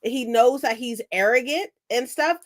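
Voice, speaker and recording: A woman, chatting casually on a live stream, rambling excitedly and swearing freely. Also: fairly high pitch, a little slow. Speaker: book streamer.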